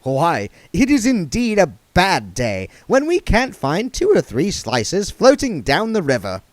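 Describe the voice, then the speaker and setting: A man doing a prim, fussy, high-voiced beggar. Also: huge pitch swings, measured pace, no room sound, full character voice. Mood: prim fussing. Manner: high, loud and fussy, mincing.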